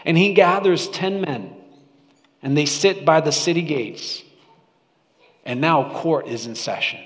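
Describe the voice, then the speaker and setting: A man preaching from the pulpit of a church, chatty with his congregation and quick to burst into loud mock outbursts before dropping to an earnest hush. His voice sits a bit high for a man. The sanctuary carries a long, ringing reverb. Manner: animated, shifts from loud mock-shouting to hushed earnestness; conversational, asks the congregation questions. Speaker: pastor. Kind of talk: sermon.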